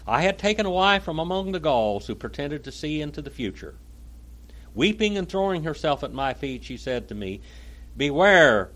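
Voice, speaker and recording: Man preaching, reading dramatically aloud. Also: medium pitch. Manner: dramatic reading, stumbles on hard words. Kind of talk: sermon reading aloud from a text with comments.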